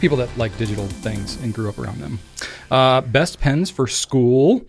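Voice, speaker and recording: A man's voice: mid-range voice, lively intonation, normal speed, gravelly, faint music behind. A man co-hosting a casual podcast, chatty and self-deprecating, laughing often. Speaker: podcast co-host. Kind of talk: casual chat.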